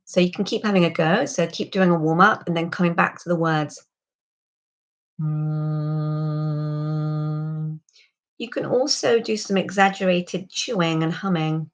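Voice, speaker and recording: Calm woman coaching pronunciation. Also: lowish voice. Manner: calm, instructive, models sounds slowly for repetition. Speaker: accent coach. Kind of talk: pronunciation lesson.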